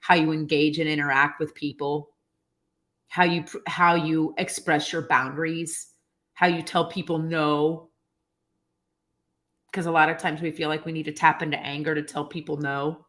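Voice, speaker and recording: Earnest low-voiced woman giving a pep talk. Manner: earnest, emotional, animated, with pauses and restarts. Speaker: motivational vlogger. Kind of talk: casual motivational talk to camera.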